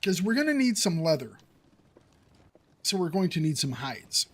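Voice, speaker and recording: While streaming a survival game, a man chats casually with his viewers, talking to chat and thinking aloud about his next moves. His voice is on the high side, sing-song, a bit bright and slightly rough, at a moderate pace.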